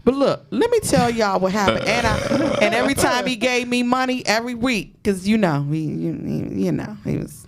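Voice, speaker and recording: A woman with a Washington, D.C. accent hosting a podcast, telling a story in loud, profane, animated chat with frequent laughter. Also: a little high, moderate pace, a little hiss or hum. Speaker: podcast host.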